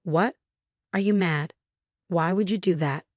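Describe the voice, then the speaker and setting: A woman's voice: lowish voice, unhurried, no echo. A woman voicing a pushy, scheming older mother-in-law who turns sugary and pleading. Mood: angry.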